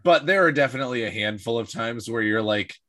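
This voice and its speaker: A man of middle pitch co-hosting a casual podcast chat. His remarks come out dry and teasing, and the sound is close and dead, with no room echo. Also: lively intonation, fast, a bit bright. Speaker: podcast co-host.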